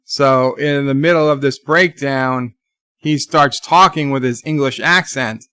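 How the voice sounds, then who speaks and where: A man's voice: medium pitch, unhurried, pushed and bright, smooth, no room sound. A man giving a casual, rambling live review of a TV episode, with many restarts, retelling scenes. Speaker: YouTube TV reviewer.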